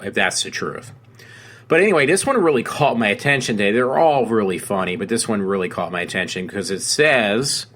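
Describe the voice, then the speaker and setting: A man's voice: mid-range voice, fairly bright tone. A man hosting a casual solo talk show, rambling with many fillers, restarts and self-corrections. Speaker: podcast host.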